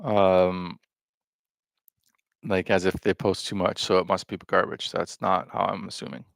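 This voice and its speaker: Man, gravelly voice, dry close sound, deadpan, rambling livestream chat. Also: low voice, measured pace, no room sound. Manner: deadpan, offhand, self-mocking. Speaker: livestream host. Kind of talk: casual rambling livestream commentary.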